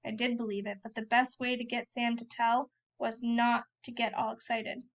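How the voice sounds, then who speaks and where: High-voiced woman reading a novel. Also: flat delivery, normal speed, hardly any pauses. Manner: plain first-person storytelling. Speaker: reader.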